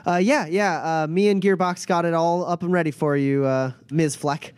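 A man's voice: fairly high pitch, steady tone, normal speed, darkish tone, clear, resonant tone, voice pushed up, close to an everyday voice. A man voicing an eager young male mechanic who stammers a little, in a tabletop game.

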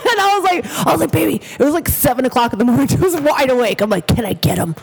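Woman guest, high voice, swears constantly, animated storyteller. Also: rapid-fire. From Puerto Rican heritage. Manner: profane, animated storytelling with laughs. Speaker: guest, bar owner's girlfriend. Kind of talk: casual podcast chat.

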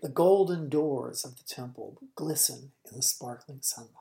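A woman preacher retelling a scene in a sermon, with vivid storytelling that swings from booming lines to hushed ones. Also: moderate pace, creaky.

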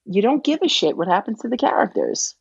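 A woman's voice: medium pitch, sing-song, a little fast, vocal fry, slightly rough, no room sound, lo-fi sound. A middle-aged woman, a former English teacher, talking as a podcast guest in a blunt, emphatic, profane way, explaining like a teacher. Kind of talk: casual podcast chat.

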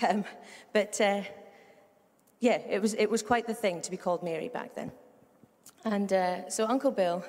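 Middle-aged Scottish woman, pastor, chatty sermon, funny asides, long hall reverb. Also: on the low side. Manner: chatty storyteller with humorous asides. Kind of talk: conversational sermon. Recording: long reverb of a large room.

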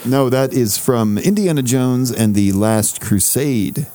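A man's voice: mid-range voice, animated, mellow. A man co-hosting a casual podcast, joking around and riffing playfully. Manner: playful, jokey, quick to riff. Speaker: podcast co-host. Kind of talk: casual chat.

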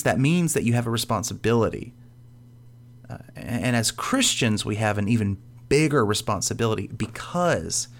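A young man speaking at church, delivering a conversational sermon full of casual stories and fillers, earnestly repeating his key points. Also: mid-range voice. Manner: casual storytelling with frequent fillers.

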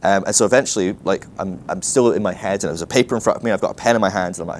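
A man's voice: sits low, rapid-fire, hardly any pauses, a little hiss or hum. A man speaking at a ministry school, telling a self-deprecating story in a casual sermon, full of "like" and restarts.

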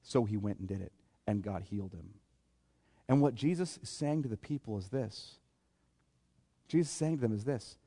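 A man's voice: lowish voice, moderate pace, long pauses, dark tone, long reverb tail. A man preaching a sermon as a pastor, explaining scripture in plain, conversational paraphrase. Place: church sanctuary.

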